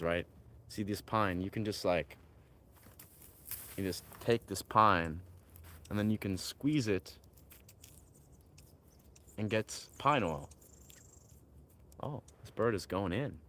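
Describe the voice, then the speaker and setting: A man's voice: on the low side, fairly bright tone. A man talking in a rambling, dreamy way, full of fillers, while out among pine trees. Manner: dreamy, wandering, filler-heavy musing. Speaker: vlogger. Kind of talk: rambling outdoor vlog talk.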